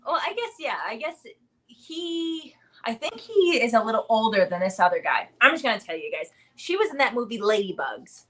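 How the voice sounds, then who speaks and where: Woman, 30s, bright-pitched casual streamer host, rambling and chatty. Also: big pitch swings, normal speed. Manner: chatty, rambling, many fillers. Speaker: livestream host. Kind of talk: casual live chat.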